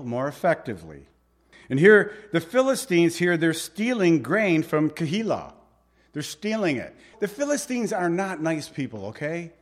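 A man preaching a Bible sermon in a conversational, informal way, with asides to the listeners. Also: a little high. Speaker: pastor.

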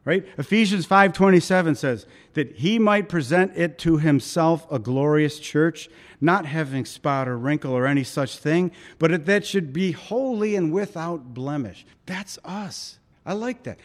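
A man's voice: a little high, moderate pace. A male pastor preaching a sermon in a conversational, storytelling way, acting out voices in his anecdotes.

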